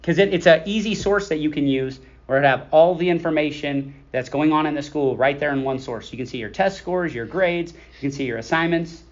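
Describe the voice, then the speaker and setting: A man's voice: fairly high pitch, brisk, few pauses. A man hosting a school podcast, talking in an upbeat, casual way with lots of ums. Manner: upbeat, talkative, many ums. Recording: dull lo-fi sound.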